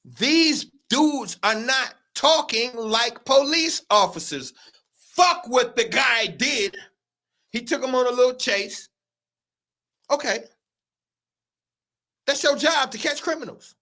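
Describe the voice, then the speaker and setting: A man's voice: very high-pitched, lively intonation, slow, long pauses, pushed and bright. A man hosting a livestream commentary, talking in a heated, profane, emphatic way and often repeating his words. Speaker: show host.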